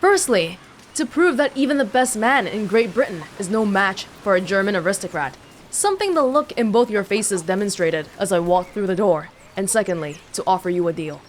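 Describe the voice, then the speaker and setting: A woman reading aloud as a scheming male baron villain in a game book, in a slow, lowered drawl. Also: animated, slight background noise, natural voice. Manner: deep, slow dramatic drawl.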